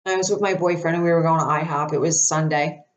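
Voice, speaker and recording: A woman speaking as a psychic medium, chatty and animated with many fillers and restarts, her throat dry. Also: low-pitched, fast. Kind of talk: casual storytelling to camera.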